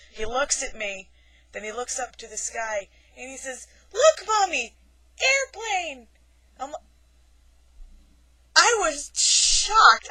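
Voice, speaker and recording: A haunted hayride scare actor recounts the night in a casual vlog monologue. The delivery is animated and sarcastic, with quoted lines acted out. The voice is bright and of middle pitch. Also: low-quality recording. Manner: animated storyteller acting out quotes.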